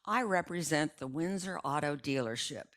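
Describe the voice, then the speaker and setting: An older woman voicing a pushy young salesman who talks smooth and charming. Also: low-pitched, animated, moderate pace, fairly bright tone. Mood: formal. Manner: smooth as syrup, laying on the charm.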